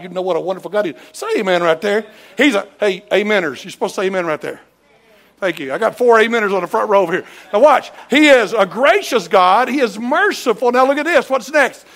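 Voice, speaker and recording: A man preaching a sermon in a church, animated, acting out voices and shouting at peaks. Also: high-pitched, creaky. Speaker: pastor. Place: church sanctuary.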